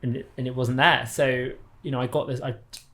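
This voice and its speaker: A man with a posh English accent talks in a reflective conversation, thinking aloud and restarting his sentences. His voice has a gravelly texture and stays fairly flat in pitch. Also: brisk. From England. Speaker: artist and interviewer.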